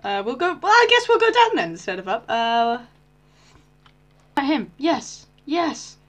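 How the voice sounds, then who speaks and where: Teen girl gamer, bubbly and loud, very lively high voice. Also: measured pace. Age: teens. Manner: bubbly, squeals and shouts with excitement. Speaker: Minecraft YouTuber. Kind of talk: casual gameplay commentary.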